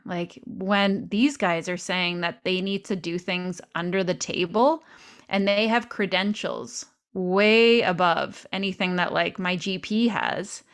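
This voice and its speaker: A woman interviewer chatting casually, a lively storyteller who acts out her own quotes in a higher voice. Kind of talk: casual conversation.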